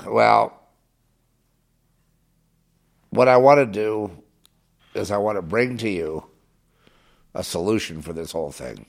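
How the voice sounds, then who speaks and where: A man delivering a rambling political monologue, halting and restarting, swinging from muttering to agitated outbursts. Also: lowish voice, gravelly. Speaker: commentator.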